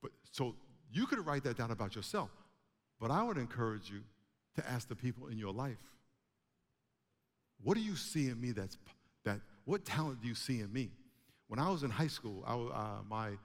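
A man preaching a sermon to a congregation, animated, with emphatic rising bursts. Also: mid-range voice. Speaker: pastor. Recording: long hall reverb.

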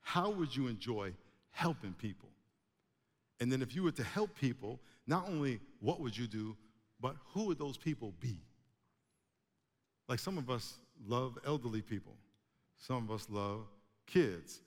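A man preaching a sermon to a congregation, animated, with emphatic rising bursts. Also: medium pitch, unhurried, pauses often. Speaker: pastor. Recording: long hall reverb.

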